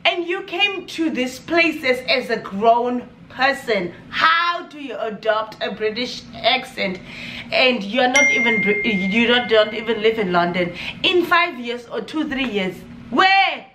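Bright high-voiced Namibian woman ranting. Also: takes it slowly, roomy sound, a little hiss or hum. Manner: exasperated, animated, laughing asides. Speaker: vlogger. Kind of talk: casual ranting vlog.

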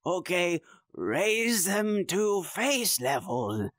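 A man voicing a menacing male clown teacher who talks about himself in the third person, slowly and with deliberate weight, over a headset mic in game chat. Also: sits high, very animated, a bit bright, no echo, studio quality, heavily acted. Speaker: game player.

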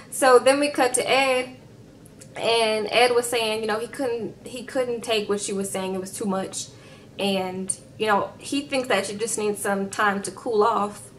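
A woman's voice: fairly high pitch, slight background noise. Sassy woman recapping a show. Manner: sassy, animated, laughing asides. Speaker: reality TV recap vlogger. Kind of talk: casual episode recap.

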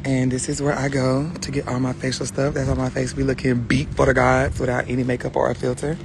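A man vlogging casually from inside a car, joking loudly and cursing as he talks to his viewers. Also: medium pitch, little pitch movement, fairly quick, creaky. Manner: loud, joking, profane banter with the viewers. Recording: car noise in the background.

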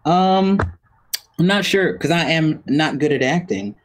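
A man's voice: fairly high pitch, a little slow, a little hiss or hum, low-quality recording. A man chatting casually as a guest musician, laid-back, laughing often and swearing casually. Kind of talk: casual chat.

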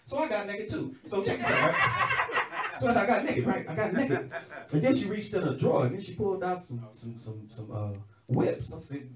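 A middle-aged man doing a crude live stand-up set, muttering then shouting punchlines. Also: sits high, sing-song, normal speed. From not from California. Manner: loud, crude, swings between mutters and shouts. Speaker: stand-up comedian. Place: indoor comedy venue stage. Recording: echoey room from far off, loud crowd.

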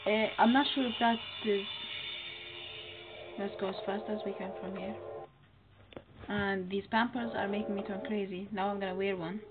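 A woman narrates her horror game playthrough. She talks back to the game's characters in a chatty, excitable way. Her voice sounds narrow and tinny, as if it came down a phone line, with steady noise hissing underneath. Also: medium pitch, moderate pace, pauses often. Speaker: gamer. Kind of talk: horror game let's-play commentary. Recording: muffled phone-like audio with noise.

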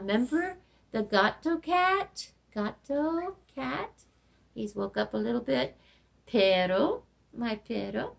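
A woman teaching Spanish words to kindergartners in gentle, slow teacher talk, mixing Spanish into her English. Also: medium pitch. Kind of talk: children's lesson with songs.

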